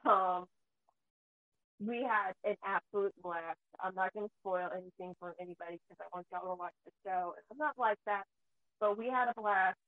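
The recording is dry and tinny, almost like a phone call, capturing a mother who hosts a relaxed chat. At medium pitch and normal speed, she tells stories loosely and swears often.

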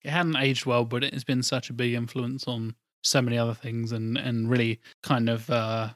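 A man's voice: medium pitch, little pitch movement, moderate pace, no echo, clean studio sound. A man co-hosting a podcast in casual chat, swearing freely and laughing often. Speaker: podcast co-host.

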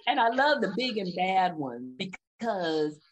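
A woman's voice: mid-range voice, very animated, slow, slight background noise. A woman hosting a podcast interview, giving advice in a coaching tone with rhetorical questions. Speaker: podcast host. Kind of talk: casual interview chat.

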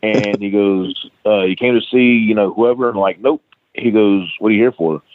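This interview-show guest, a middle-aged wrestling trainer, swears freely while recounting a lively story and acting out what people said. The line is tinny and phone-like, his voice fairly low, his speed normal, with no room sound.

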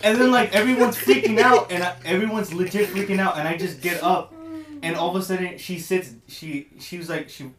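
A man telling an excited, rambling story to his podcast co-hosts. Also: sits high, brisk, recorded from a distance, crowd noise. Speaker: podcast co-host. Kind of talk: casual chat, storytelling. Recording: echoey room, off-mic.

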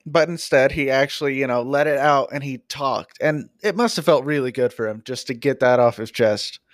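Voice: mid-range voice, normal speed, no room sound, clean studio sound. A podcast guest chatting enthusiastically about a book. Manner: enthusiastic, fan-like. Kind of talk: casual book-club chat.

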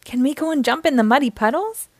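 A woman voicing an excitable little girl piglet in a storybook, with a high, eager, pleading voice. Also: fast, no echo.

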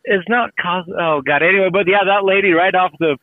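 A man's voice: high voice, brisk, no echo. A man telling rambling travel stories in casual chat, swearing freely and acting out what people said. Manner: rambling storyteller, swears freely, acts out quotes. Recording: tinny phone-like sound.

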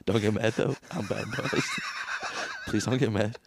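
A man's voice: on the low side, steady tone, measured pace, creaky, noisy background. A young man co-hosting a podcast, telling crude stories in a loose, laughing casual chat. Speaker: podcast co-host.

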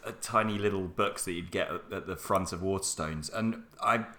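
Deep, bright-toned male producer. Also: moderate pace. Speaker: podcast producer. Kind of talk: casual podcast chat.

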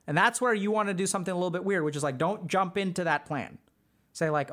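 This earnest man, a podcast host and mental health doctor, gives casual relationship advice in a conversational manner, dropping in many fillers. His high, somewhat bright voice comes out fast.

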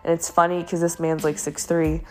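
A woman's voice: on the low side, flat delivery, moderate pace. Young woman telling a candid personal story. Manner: candid, rambling with many fillers. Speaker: podcast host.

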